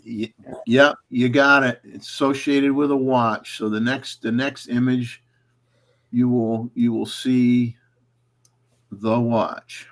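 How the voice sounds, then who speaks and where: A man's voice: medium pitch, takes it slowly. A man hosting a photography livestream, chatting casually and reading out viewer photo details. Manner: relaxed, chatty, reads out camera settings. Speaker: livestream host. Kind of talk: casual chat.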